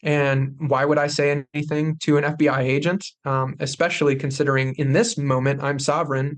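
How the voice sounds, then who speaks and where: Casting: young man, slightly high voice, intense podcast storyteller who acts out the people in his story. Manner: intense, animated retelling with acted quotes. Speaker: podcast guest. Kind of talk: personal storytelling.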